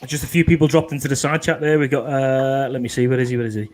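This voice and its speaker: A man's voice: mid-range voice, steady tone, quick pace, darkish tone. A man with a Liverpool accent hosting a motorcycle livestream, chatting casually and calling everyone mate. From England. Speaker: livestream host. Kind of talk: casual chat.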